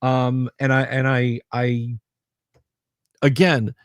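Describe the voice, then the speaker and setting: A man's voice: mid-range voice, flat delivery, takes it slowly, no echo, studio quality. A middle-aged man hosting a livestream in casual chat, telling a story, acting out other people's lines and stammering through restarts when sincere. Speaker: livestream host.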